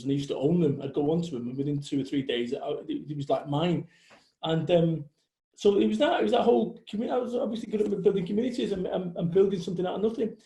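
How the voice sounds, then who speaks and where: Sweary, gravelly-voiced man in his forties. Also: on the high side, warm tone. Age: 40s. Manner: blunt, sweary storyteller. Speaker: guest motivational speaker. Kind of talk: casual livestream chat. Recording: echoey room.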